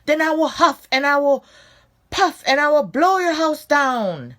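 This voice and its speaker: A woman voicing a hungry, scheming male magic shark in a storybook reading, with coaxing sing-song calls and loud threats. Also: sits high, lively intonation, a little slow, pitched above the performer's own voice. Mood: threatening.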